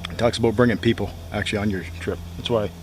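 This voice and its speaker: A man casually chatting to the camera at a campsite in the woods, rambling and repeating himself in a relaxed way. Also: fairly low pitch, quick pace. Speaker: outdoor vlogger. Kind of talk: casual solo camping vlog. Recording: outdoor recording with steady background noise.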